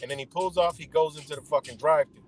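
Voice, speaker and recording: A man telling a casual, profane, animated story while driving. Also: a little high, fast talker. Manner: profane, animated, acts out the other people's lines.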